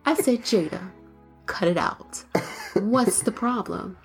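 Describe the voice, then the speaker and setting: Casting: woman, casual chat host, lively storyteller, faint music under the voice. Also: mid-range voice, slow. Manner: animated, laughing storyteller. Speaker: co-host, mother.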